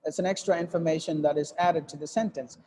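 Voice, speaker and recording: Male English teacher, high mellow voice, reverberant classroom; patient step-by-step explainer. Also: fairly even intonation, quick pace. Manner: explains step by step, with fillers and repeated phrases. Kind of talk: classroom lesson on reading aloud. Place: classroom with students.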